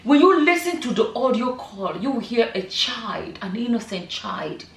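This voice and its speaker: Speaking with a fairly high pitch, vocal fry, and animated delivery at a moderate pace, a middle-aged woman vlogs casually. She's emphatic, tossing out rhetorical questions and "you know" asides, in an echoey room somewhat distant from the mic.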